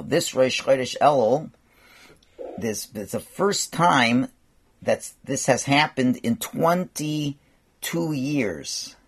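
Gravelly-voiced man telling a story. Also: lowish voice. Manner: animated storytelling sprinkled with Yiddish and Hebrew words. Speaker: rabbi giving a talk. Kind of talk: storytelling sermon.

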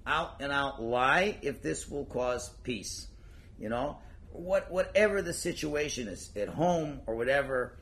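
A man teaching a Torah class as a rabbi, casual and joking, acting out everyday arguments and mixing in Hebrew and Yiddish terms. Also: mid-range voice. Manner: animated, joking, acts out everyday dialogue. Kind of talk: informal religious lecture.

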